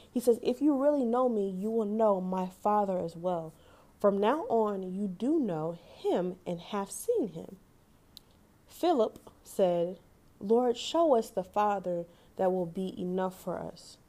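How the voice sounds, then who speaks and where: A young woman with a mellow, warm voice hosts a devotional podcast. She reads verses aloud and talks them through in an earnest, heartfelt way. She often stops mid-sentence to correct herself. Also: medium pitch. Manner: earnest, emotional, self-correcting. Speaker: podcast host. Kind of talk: casual devotional talk.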